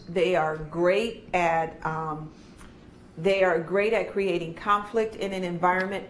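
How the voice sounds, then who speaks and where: A woman leading a training workshop who talks through her stories and acts out the children's voices as she goes. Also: mid-range voice. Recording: echoey room with faint noise.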